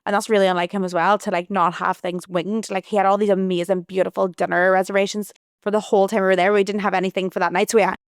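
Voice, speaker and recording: Woman podcast host rambling through a story, smooth clear voice, dry close sound. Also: mid-range voice, flat delivery, fast talker, no echo. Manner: chatty, rambling, heavy use of "like". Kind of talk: casual storytelling monologue.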